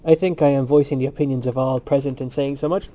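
A man's voice: medium pitch, fairly even intonation, fast talker, dark tone, lightly acted. A man doing a suave, mocking young student. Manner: smooth and ironic. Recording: muffled lo-fi recording.

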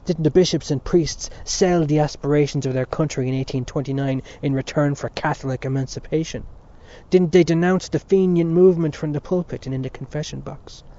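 A man playing a fervent, bitter middle-aged man who shouts hoarsely and passionately. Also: medium pitch, little pitch movement, a little fast, few pauses, natural voice. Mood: impassioned. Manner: loud, impassioned, hoarse shouting. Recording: dull lo-fi recording.

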